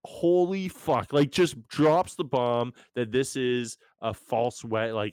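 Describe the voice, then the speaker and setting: A man's voice: medium pitch, slow, few pauses, smooth, dry recording. A young man talks through a TV recap in a loose, self-mocking way. His delivery wanders and restarts with plenty of energy. The sound is close and dry. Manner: animated, rambling, self-mocking. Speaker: podcast co-host. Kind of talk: casual recap chat.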